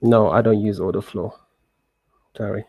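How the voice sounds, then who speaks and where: A man streaming live trading, answering viewer questions in a relaxed, rambling way with many restarts and fillers. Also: fairly low pitch, moderate pace, breathy edge, no echo.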